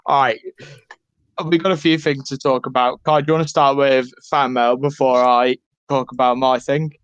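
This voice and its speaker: A man's voice: mid-range voice, flat delivery, moderate pace, smooth, no room sound, muffled recording. Chatty man running a podcast. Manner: laughs often, keeps the show on track. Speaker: podcast co-host. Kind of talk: casual chat, steering the show.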